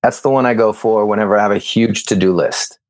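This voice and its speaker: A man telling lively stories as a podcast guest, acting out the dialogue and laughing often. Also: lowish voice, a little fast, slight background noise. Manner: animated storyteller, acts out dialogue, laughs often. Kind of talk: casual interview chat.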